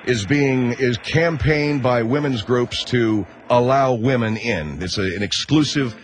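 A man with an ordinary mid-range voice hosts a call-in radio show. He talks quickly and prods his guests with pointed questions. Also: mid-range voice, a little hiss or hum. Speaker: radio talk show host.

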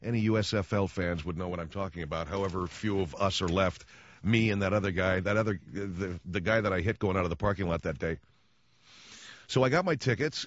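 In a casual radio monologue, a man with a lowish, slightly bright voice tells stories in a wry, sarcastic way and acts out little quotes. He uses a studio microphone, though the audio sounds dull.

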